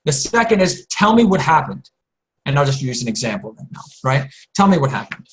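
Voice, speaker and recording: A man teaching on a conference call, energetic and playful, acting out example posts and quoted voices. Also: mid-range voice, fairly quick, rough recording. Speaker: business coach.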